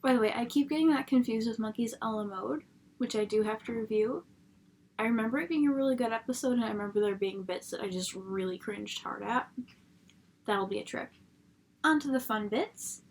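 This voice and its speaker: A woman's voice: on the high side, brisk, a little mellow, a little hiss or hum. A young woman reviewing a TV episode from home at her laptop, chatty and rambling, swearing freely. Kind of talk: casual spoken review.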